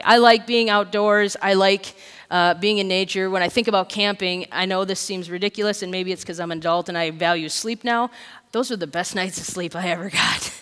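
Pastor, sermon; smooth, resonant voice, lively self-mocking storyteller, long church-hall reverb. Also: mid-range voice. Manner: lively, self-mocking storyteller who keeps asking the crowd "right?". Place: church sanctuary.

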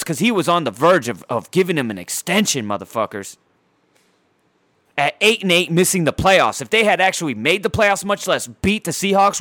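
A man with a somewhat high voice unloads a furious, cursing sports rant full of sarcasm. The sound is dry and close, with no room echo, as he vents from home in front of his TV. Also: a bit bright. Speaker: sports fan ranting on his channel. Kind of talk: profane angry rant.

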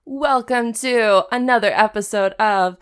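A woman's voice: a little high, measured pace, loud music behind the voice. A woman co-hosting a podcast in casual, crude, joking chat, with a tired morning voice. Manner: crude, joking, laughs often. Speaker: podcast co-host.

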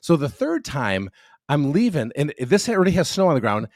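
A man in his fifties tells a rambling story on a casual podcast, swearing freely and acting out every line of dialogue. His pitch swings widely as he talks, and the sound is dry and close with no room around it. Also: moderate pace, dry recording. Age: 50s. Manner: profane, animated storyteller acting out quotes. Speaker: podcast co-host.

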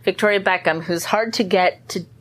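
A woman in her thirties co-hosting a podcast, chatting casually in an excitable way and laughing often. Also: mid-range voice, moderate pace, a little hiss or hum. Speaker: podcast co-host. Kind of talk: casual chat.

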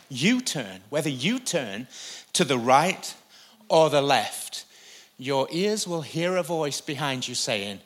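A pastor delivering a sermon from a church stage, preaching with animated emphasis and occasional jokes. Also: male voice, medium pitch, slow.

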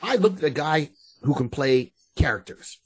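A man's voice: on the high side, lively intonation, normal speed, breathy edge. A man co-hosting a podcast, chatting casually and rambling with restarts and asides. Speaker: podcast co-host. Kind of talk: casual chat.

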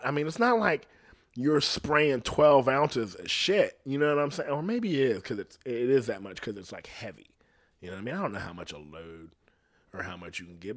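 A man hosting a podcast, rambling through a casual comedic monologue full of swearing. He keeps checking in with the listener and swings between loud and quiet phrases. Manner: rambling and profane, constantly asking "you know what I'm saying"; animated, pitch and loudness swinging widely between phrases. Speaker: podcast host.

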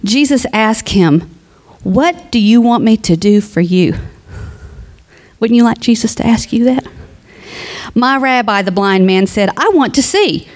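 Heartfelt woman giving a eulogy, higher voice. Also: a little slow, long pauses, darkish tone. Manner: heartfelt, conversational, addresses family directly; reads scripture aloud. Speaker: speaker at a funeral service. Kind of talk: eulogy mixed with sermon.

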